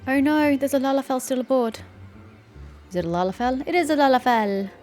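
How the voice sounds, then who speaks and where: A woman's voice: high-pitched, a little fast, a little mellow. Sarcastic woman gamer with a sore throat. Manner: sarcastic, chatty, teasing characters. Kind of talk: let's-play commentary. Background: faint game music.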